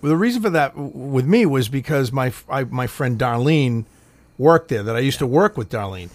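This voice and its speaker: A man hosting a casual podcast, rambling through a long anecdote with plenty of swearing. His pitch moves a lot from line to line, and the recording is dry, with no room sound. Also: animated, fairly quick, dry recording. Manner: rambling, profane anecdote telling. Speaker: podcast host. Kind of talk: casual chat.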